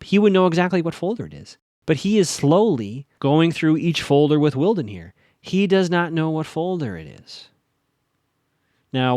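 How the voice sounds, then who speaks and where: A man hosting a solo podcast, chatting casually through an episode recap, theorizing and quickly acting out characters' lines. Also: medium pitch, dry recording, clean studio sound.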